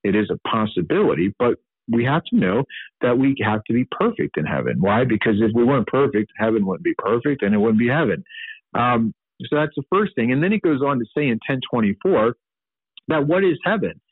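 A man's voice: medium pitch, sing-song, fairly quick, breathy edge, dry recording. A man hosting a Catholic teaching podcast, speaking earnestly off the cuff with many fillers and restarts. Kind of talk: unscripted teaching commentary. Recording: dry, phone-like sound.

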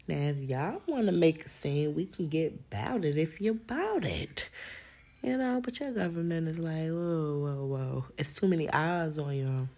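A woman's voice: sits low, a little mellow. A young woman, hosting a podcast and talking casually and animatedly to her listeners, full of slang and laughter. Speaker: podcast host.

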